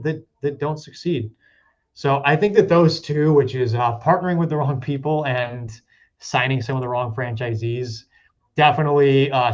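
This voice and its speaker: Business founder guest, male, mid-pitched, relaxed and reflective, on dull lo-fi audio. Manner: relaxed, reflective, with frequent fillers and restarts. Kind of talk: casual interview answers.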